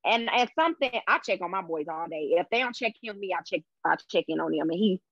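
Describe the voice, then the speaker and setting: A middle-aged woman, a podcast co-host, telling an expressive story and acting out the voices in it. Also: on the low side, quick pace, dry recording. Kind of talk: animated storytelling. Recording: dull, lo-fi sound.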